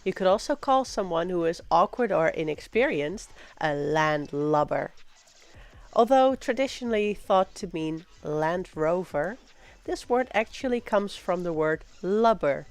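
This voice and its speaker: A woman hosting a casual livestream, reading aloud slowly and breaking into loud, playful pirate exclamations. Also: on the low side, expressive. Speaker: livestream host.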